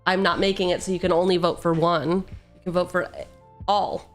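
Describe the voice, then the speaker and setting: Low-pitched and flat in delivery, a woman talks at a moderate pace over soft background music. She's a streamer opening card packs, rambling to viewers in casual live chat, joking about herself and reading the cards' text aloud.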